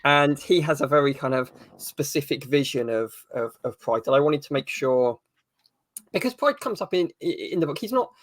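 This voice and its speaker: A man's voice: fairly high pitch, lively intonation, moderate pace. Thoughtful guy answering interview questions, bit hesitant, dry jokes, no room echo at all. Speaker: author as guest.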